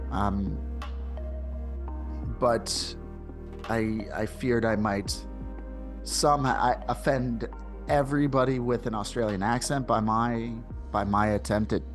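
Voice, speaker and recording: A man's voice: medium pitch, slow, pauses often, over music. An American man in his forties with many ums and restarts, hosting a podcast and introducing the episode. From United States. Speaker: podcast host.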